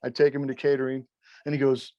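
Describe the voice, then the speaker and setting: A middle-aged man, a former wrestling referee, telling stories as an interview guest in an animated, rambling way, swearing constantly and acting out quotes. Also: mid-range voice, quick pace, dry recording, lo-fi sound. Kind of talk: profane, rambling storytelling.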